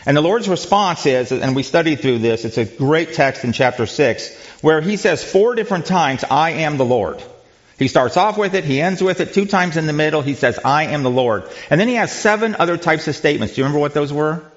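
A man's voice: on the high side, lively intonation, fairly quick, few pauses. A man leading a conversational Bible teaching, asking his listeners rhetorical questions, with frequent ums and restarts. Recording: dull lo-fi recording.

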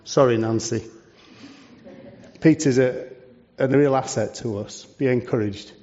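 A charity leader preaches to a church in a conversational style packed with rhetorical questions. He speaks at a measured pace in a mellow, mid-range voice. The recording has a dull, lo-fi sound.

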